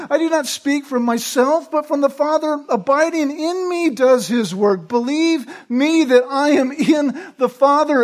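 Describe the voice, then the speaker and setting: A man preaching a sermon. He quotes scripture by chapter and verse and stresses key phrases by repeating them. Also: very high voice.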